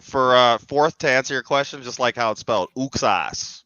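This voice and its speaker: A man's voice: mid-range voice, fairly even intonation, brisk, bright, forceful tone, clean tone. A man hosting a casual podcast panel, joking and asking the others questions. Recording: dry, slightly dull sound.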